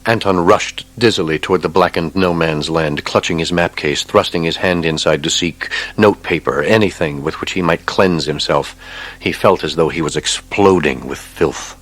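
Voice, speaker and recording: Man, very deep voice, grave measured audiobook narration. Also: fairly bright tone.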